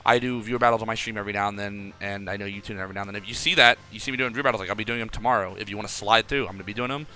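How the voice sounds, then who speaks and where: Fired-up young man coaching, bright voice. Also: fairly low pitch, very fast. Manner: animated, fired-up, acts out his own thoughts. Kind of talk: casual coaching talk.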